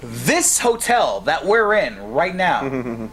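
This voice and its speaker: A man co-hosting a podcast from a hotel room, talking in a lively, joking way. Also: on the high side, slow pace, low-quality recording. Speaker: podcast co-host. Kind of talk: casual chat.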